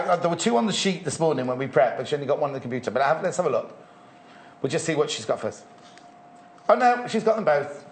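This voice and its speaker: A man's voice: on the high side, echoey room. Chatty man selling on air. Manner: chatty, lists prices, laughs easily. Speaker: shopping channel presenter. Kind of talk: live TV sales chat.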